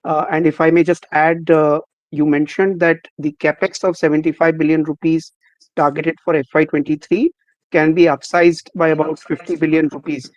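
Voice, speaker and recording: A male analyst asks his question in a flat, methodical way. His pitch is somewhat high and barely moves. The line sounds dry and dull. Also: normal speed, no room sound. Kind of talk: earnings call question.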